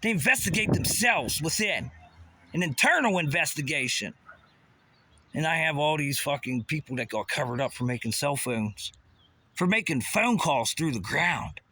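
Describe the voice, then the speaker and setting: A man's voice: fairly high pitch, expressive, moderate pace, bright, forceful tone. A man ranting in an agitated, rambling way, swearing often. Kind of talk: angry rant. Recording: noisy background.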